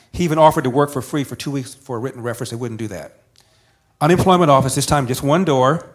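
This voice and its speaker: A man's voice: medium pitch, quick pace. An older man, a talk show guest, telling a personal story with emphatic, building repetition.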